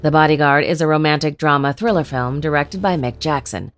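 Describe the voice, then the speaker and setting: Woman reading a movie countdown, kinda low voice, calm and even, light music under it. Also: fairly quick. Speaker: narrator. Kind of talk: scripted narration. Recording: soft music behind.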